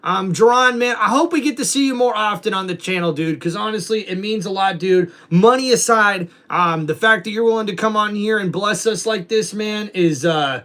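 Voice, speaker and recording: A man's voice: high-pitched, moderate pace, a bit bright. A man hosting a live stream, chatting casually with viewers in a slangy way and calling wrestling play-by-play. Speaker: livestream host.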